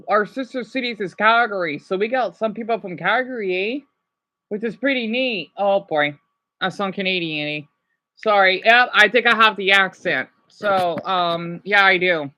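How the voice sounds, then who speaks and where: A man's voice: high voice, sharp tone. A man in his thirties rambling through casual vlog commentary while riding in a vehicle. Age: 30s. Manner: rambling, chatty, self-correcting. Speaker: vlogger. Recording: dull, lo-fi recording.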